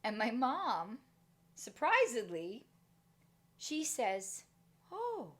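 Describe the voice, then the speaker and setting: A middle-aged Canadian woman gives a motivational talk in a fairly high, unhurried voice. She tells a personal story animatedly, acting out the voices of the people in it.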